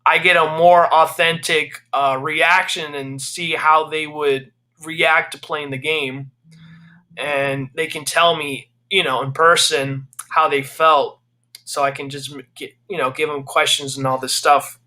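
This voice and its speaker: A man's voice: a little high, little pitch movement, a little slow. A young man, a game developer guest, chats casually and eagerly, talking at length and responding with easy agreement. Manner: eager and talkative, warm agreement. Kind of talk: casual chat.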